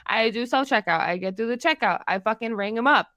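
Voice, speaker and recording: Bright-voiced swearing young woman. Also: a little high, lively intonation, a little fast. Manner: profane, rambling, lots of "like". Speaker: podcast co-host. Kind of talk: casual storytelling chat.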